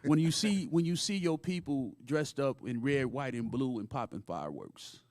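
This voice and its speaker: A man's voice: mid-range voice, lively intonation, moderate pace, a little mellow, no echo. A man with a Southern US accent co-hosts a casual group talk, his voice rising and falling a lot as he rambles and laughs. The sound is close and dry, with no room around it. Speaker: co-host.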